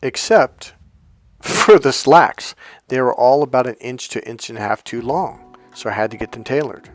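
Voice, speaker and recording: Faint music accompanies this middle-aged life coach as he tells a personal story in a mid-range voice at normal speed. His monologue is casual and chatty, with acted-out dialogue, lively vocal shifts and relaxed swearing.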